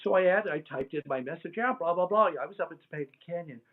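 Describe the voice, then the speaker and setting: An older man, a guest on an interview show, telling stories in a casual, animated way, laughing and mimicking sounds as he goes. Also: on the high side, fast talker. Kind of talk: casual storytelling. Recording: tinny phone-like line.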